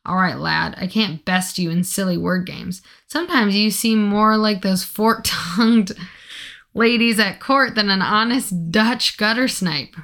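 A woman's voice: medium pitch, unhurried. A woman reading as a proud male ship captain in a storybook reading, raising her voice for his orders. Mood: gruff. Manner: raises voice, shouts orders.

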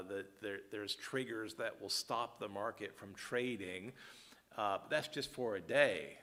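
A man's voice: lowish voice, pushed and bright. A man teaching an adult Bible class, reading scripture aloud with frequent "uh" fillers. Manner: frequent "uh" fillers, rises when reading verses. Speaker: Sunday school teacher.

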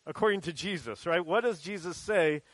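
Higher-voiced man giving a children's sermon. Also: fairly quick, no room sound. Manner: conversational, animated storytelling with acted quotes. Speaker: pastor. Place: church sanctuary.

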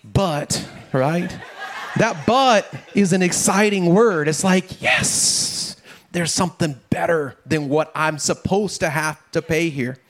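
A middle-aged pastor with a somewhat high voice preaching in a relaxed, conversational way. He stumbles over and repeats words and keeps checking in with his listeners. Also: slow. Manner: conversational, repeats words, asks "right?" often. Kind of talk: casual sermon with family stories.

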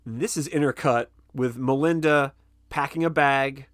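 A man's voice: moderate pace, no echo, studio quality. A man co-hosting a podcast, recapping a film in casual chat, swearing freely and acting out characters. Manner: animated, swears freely, acts out characters in a high squeaky voice. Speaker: podcast co-host.

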